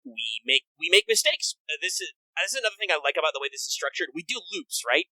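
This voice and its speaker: A man co-hosting a casual video-game podcast, animated and quick to act out characters in put-on voices. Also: fairly high pitch, no room sound, rough recording. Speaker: podcast co-host.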